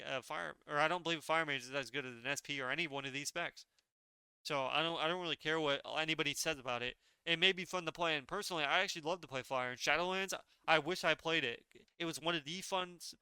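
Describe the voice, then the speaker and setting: A man's voice: fairly high pitch, pushed and bright, clear, resonant tone, no echo. A young man giving casual, blunt and opinionated tier-list commentary as a gaming video creator.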